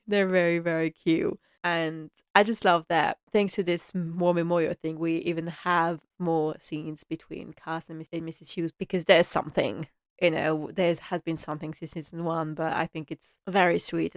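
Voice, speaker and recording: A woman talks through an episode in a casual, chatty recap, acting out the characters' lines with animation. Her voice sits a little low, and the sound is dry with no room echo. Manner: chatty and animated, acting out quotes, laughing often. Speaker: show recap vlogger.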